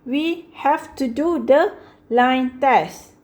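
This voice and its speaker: A woman with a high voice walks through a math lesson at an unhurried, careful pace. She keeps stopping to check in with "okay" and fixes her own slips as she goes, patient and methodical throughout. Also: darkish tone. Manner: slow and patient, repeats "okay" often; corrects herself mid-sentence. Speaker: math teacher.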